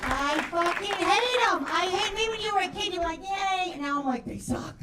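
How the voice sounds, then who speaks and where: A woman's voice: very high-pitched, lively intonation, normal speed, very noisy. A woman doing a brash, profane stand-up set in a comedy club, acting out the voices of the people in her stories. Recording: roomy club sound from a distance with crowd.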